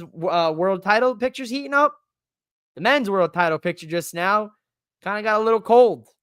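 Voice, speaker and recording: A man hosting a live-streamed podcast in a casual, excitable, rambling way, with emphatic bursts. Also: sits high, clean tone, dry recording, studio quality. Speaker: podcast host.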